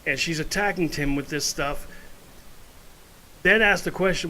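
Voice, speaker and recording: A man's voice: a little high, brisk, bright, forceful tone, a little hiss or hum, rough recording. A man ranting in a casual opinion vlog from his home, blunt and rambling with asides. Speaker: vlogger.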